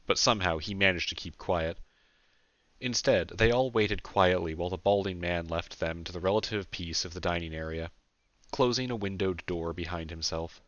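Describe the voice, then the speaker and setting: A man, the author, narrating his own audiobook in a plain, steady manner. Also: low-pitched, moderate pace, no echo, highs cut off.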